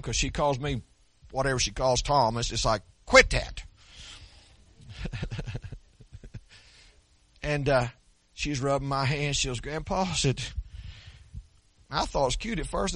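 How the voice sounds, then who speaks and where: A man's voice: a little high, fairly bright tone, no room sound. An older man preaching a sermon, swinging between folksy stories and emphatic preaching. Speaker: pastor.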